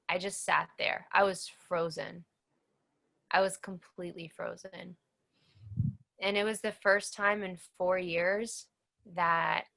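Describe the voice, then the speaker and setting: A woman speaks with real conviction in an interview, telling her own story in a bright, forceful tone. Her voice carries a noticeable gravelly fry. She leans on repetition for emphasis as she recounts what happened. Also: lowish voice. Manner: earnest, emphatic storytelling with repeated phrases. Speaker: cancer survivor guest. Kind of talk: personal testimony interview.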